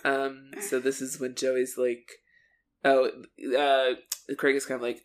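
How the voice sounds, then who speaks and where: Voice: mid-range voice, monotone, slow. A podcast co-host in casual chat who laughs often and acts out lines from an episode.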